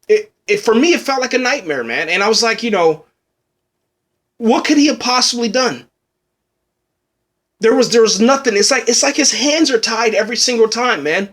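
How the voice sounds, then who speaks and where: A man's voice: very high voice, animated, moderate pace, pauses often, a bit bright. A man reviewing a TV episode in casual, rambling talk, often saying "man", getting tearful as he speaks. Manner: rambling, says "man" a lot, restarts. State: tearful, choked up.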